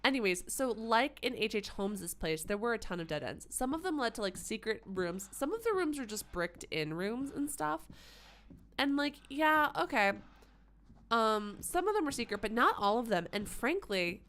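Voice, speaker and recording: A woman's voice: medium pitch, fairly bright tone. A woman streaming a horror game and talking through it in a rambling, sarcastic way, swearing freely. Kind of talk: casual gameplay commentary.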